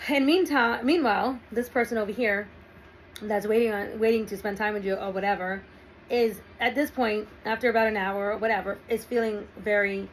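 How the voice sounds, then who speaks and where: A woman's voice: medium pitch, steady tone, normal speed, slight background noise, low-quality recording. A woman talking through relationship advice in a casual monologue, often checking in with "right?" and "okay".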